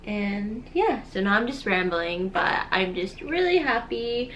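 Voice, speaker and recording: A young woman in her twenties filming a casual personal vlog at home, speaking softly and rambling, with many fillers and tearful laughs. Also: medium pitch, very animated, unhurried, slight background noise. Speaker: vlogger, new mother. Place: at home, holding her baby. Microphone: camera viewfinder.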